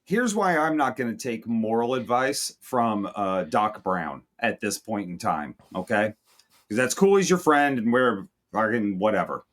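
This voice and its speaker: A man's voice: fairly low pitch, expressive, unhurried, a bit bright. A man from the United States co-hosting a movie-review podcast, riffing in crude, sarcastic casual chat.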